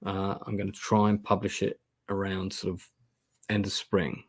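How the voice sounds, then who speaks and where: A man's voice: deep voice, monotone, normal speed, no room sound, clean studio sound. A man hosting a live gamebook playthrough, reading aloud and making chatty, self-deprecating asides. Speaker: host playing a gamebook live. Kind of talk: casual live-stream narration. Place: indoor room.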